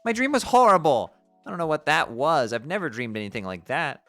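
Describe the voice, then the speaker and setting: Man voicing a fed-up teenage girl; whiny, jumpy pitch, lively swings. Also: a little fast, faint music behind. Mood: shaken. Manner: exasperated, whiny. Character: frazzled, irritable teenage human girl. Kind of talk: reading a webcomic aloud.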